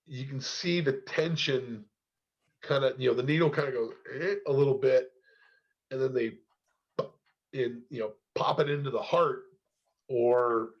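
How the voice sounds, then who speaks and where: A man's voice: mid-range voice, muffled recording. A man on a podcast telling a long story casually, cursing often and filling gaps with "you know". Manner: rambling, heavy cursing, many fillers.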